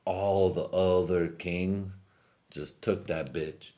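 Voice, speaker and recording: A stoned man hosting a podcast, his voice sitting very low. He rambles crudely through a comedic monologue and keeps breaking into laughter. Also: fairly even intonation, takes it slowly, warm tone. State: high on edibles. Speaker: podcast host.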